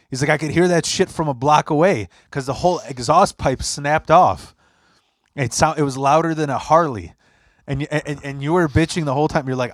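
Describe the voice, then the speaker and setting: A man's voice: mid-range voice, brisk, dry recording, studio quality. A young man hosting a podcast, telling stories in casual chat, acting out quotes and swearing freely. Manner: animated storyteller, acts out quotes, swears a lot. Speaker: podcast host.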